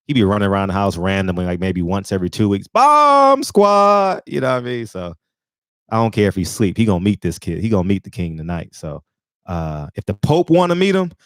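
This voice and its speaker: Brief: low-voiced male stream host, gravelly, loose rambling chat, dry close sound. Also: darkish tone, dry recording. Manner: loose, rambling, laughs often. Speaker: live-stream show host. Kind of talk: casual live-stream chat.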